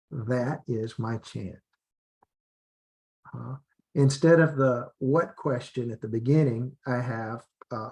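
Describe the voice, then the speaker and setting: Male English teacher, mid-pitched voice, explanatory and repetitive demo style. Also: a little mellow. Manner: repetitive, drilling phrases with many restarts. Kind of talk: teacher training demonstration.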